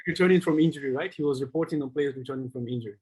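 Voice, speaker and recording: A man's voice: medium pitch, racing, a crowd in the background, poor audio. A man on a casual football podcast panel who jokes and moves the talk along.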